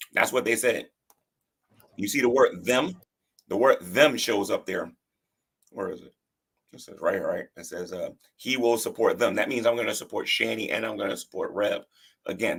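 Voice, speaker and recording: A man's voice: lowish voice, gravelly, bright, forceful tone, slightly rough. A man hosting a livestream who gives casual, defensive commentary and often repeats himself and restarts his sentences.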